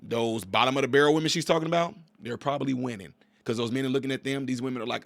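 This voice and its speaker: Male reaction commentator, forties, mid-pitched, dry close sound, preachy and repetitive delivery. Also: rapid-fire, vocal fry, dry recording. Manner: emphatic, preachy, repeats himself. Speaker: commentator reacting to a video clip.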